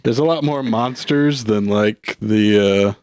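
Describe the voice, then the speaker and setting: A man who is a podcast guest, talking casually and hesitantly with many pauses. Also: on the low side, a little mellow, clear, resonant tone, dry recording. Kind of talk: casual chat.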